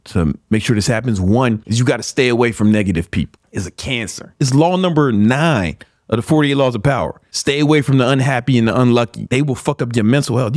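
A man's voice: medium pitch, a little mellow, dry recording. A man from Chicago delivers a swaggering, foul-mouthed motivational talk on a podcast, full of street slang and tough love. His voice sits in a middle register and sounds close and dry, with no room around it. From Chicago, USA. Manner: blunt, profane, slangy, swaggering. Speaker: podcast host.

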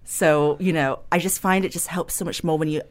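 A woman's voice: sits low, steady tone, brisk. Chatty woman hosting a book panel. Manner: chatty, confiding, passes questions to guests. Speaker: podcast host. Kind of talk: casual book club discussion.

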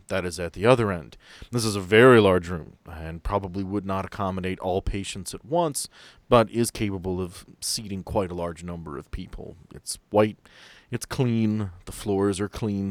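A man narrating as game master for a tabletop game, setting scenes in an unhurried, descriptive way. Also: sits low, no echo.

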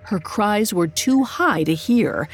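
A woman narrating a dark storybook myth in a measured, dramatic way. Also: medium pitch, expressive, breathy edge, faint music behind. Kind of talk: scripted narration.

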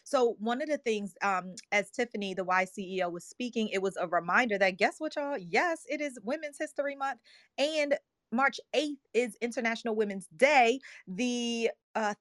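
A woman's voice: fairly high pitch, normal speed, a bit bright, no echo, studio quality. Earnest woman hosting an audio room. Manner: emotional, earnest storytelling, teary. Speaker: host of an online audio room. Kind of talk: passionate motivational talk.

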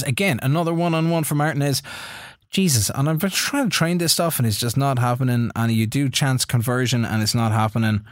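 A man's voice: mid-range voice, no echo. Irish podcast co-host, young adult man, calls his game as it plays out, dry close mic. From Ireland. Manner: running commentary on his own game, excitable bursts. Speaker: podcast co-host playing a football management game. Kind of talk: casual live-play chat.

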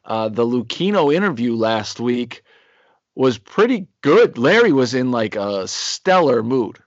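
A man in his forties co-hosting a podcast, spinning a rambling anecdote in a relaxed, chatty way. The audio is dry and a little dull. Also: mid-range voice, measured pace, no echo. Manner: rambling anecdotal storyteller, acts out quotes. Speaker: podcast co-host. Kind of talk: casual storytelling chat.

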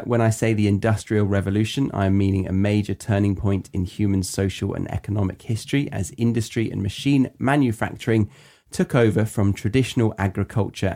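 A woman's voice: a bass voice, warm tone. A woman hosting a podcast, asking curious questions and reading notes aloud in a casual chat. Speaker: podcast host.

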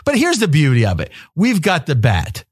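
A man hosting a sports betting roundtable, pressing the others with rapid-fire questions and often cutting in. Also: fairly high pitch, wildly swooping pitch, slightly rough, dry recording, clean studio sound. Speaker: host.

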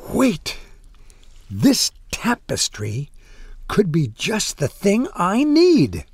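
A man's voice: high-pitched, huge pitch swings, extremely slow, breathy edge, no echo, pitched above the performer's own voice, full character voice. A man playing an earnest, kind-hearted pastor. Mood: eager. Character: kindly middle-aged male pastor, earnest.

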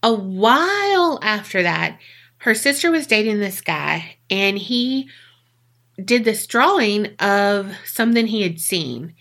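Bright-voiced woman telling a story. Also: medium pitch, very animated, slow pace, creaky. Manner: chatty, swears freely. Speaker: podcast co-host. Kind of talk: casual storytelling.

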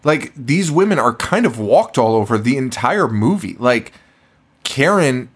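A man's voice: medium pitch, big pitch swings, unhurried, husky. A young man co-hosting a horror movie podcast, chatting casually, swearing a lot and laughing as he acts out lines from the film. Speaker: podcast co-host. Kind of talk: casual chat.

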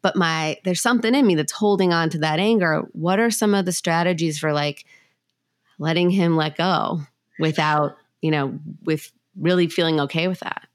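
A woman's voice: sits low, normal speed, dry recording, studio quality. A woman hosting a parenting podcast, who asks long, thoughtful questions. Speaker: podcast host. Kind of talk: podcast interview.

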